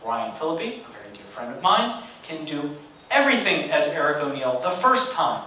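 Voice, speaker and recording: A man in his forties giving a storytelling lecture as a guest speaker, animated and conversational with wry humor. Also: a little high, normal speed, a little hiss or hum. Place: large university lecture hall. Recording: echoey hall, distant mic.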